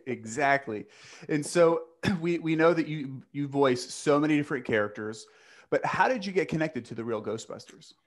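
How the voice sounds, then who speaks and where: A man's voice: on the high side, expressive, moderate pace. A man hosting a casual interview, upbeat and welcoming as he asks friendly questions. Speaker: podcast host.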